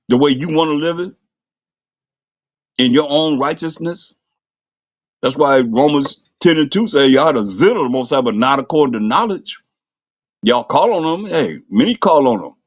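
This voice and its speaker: A man's voice: expressive, measured pace, long pauses, no room sound. Fiery preacher man with a dry sound. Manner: impassioned, rhetorical questions, voice jumps high when mocking. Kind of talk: fiery street-style scripture sermon.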